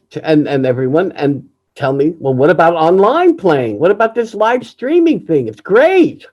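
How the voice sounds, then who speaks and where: Older man, lively voice, emotional and reflective. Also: on the high side, dull audio. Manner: emotional, reflective, halting with restarts. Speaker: jazz pianist. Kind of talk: candid personal talk. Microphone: video call.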